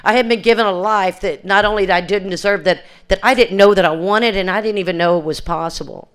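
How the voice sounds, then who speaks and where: At an alumni reunion for recovery, an older woman shares her personal story in earnest, plain-spoken words. Her medium-pitched voice is smooth and clear and moves fast. She often circles back to restart sentences and acts out conversations she remembers.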